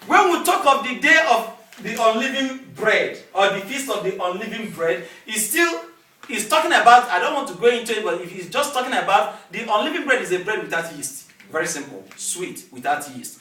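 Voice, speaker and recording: A male pastor preaching a sermon with lively call-and-response, recorded in a church hall from a distance. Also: high voice, fairly quick. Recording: echoey hall, distant mic, faint noise.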